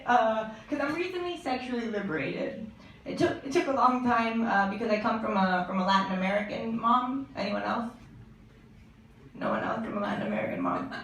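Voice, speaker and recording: A woman's voice: a little high, a little hiss or hum. Woman doing stand-up in an echoey club. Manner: deadpan jokes with quick asides to the crowd. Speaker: stand-up comedian. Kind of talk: stand-up comedy set. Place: comedy club stage. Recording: echoey room from a distance, audience laughter.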